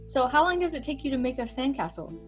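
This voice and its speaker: A woman's voice: high-pitched, quick pace, soft background music. Encouraging woman hosting an interview. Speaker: host and author. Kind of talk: casual interview.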